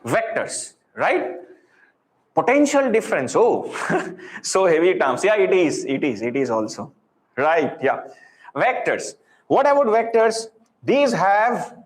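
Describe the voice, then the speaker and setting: A man's voice: high voice, huge pitch swings, takes it slowly. A man with an Indian English accent teaching physics in a live online class, encouraging and full of repeated praise, dropping into Hindi. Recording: roomy echo.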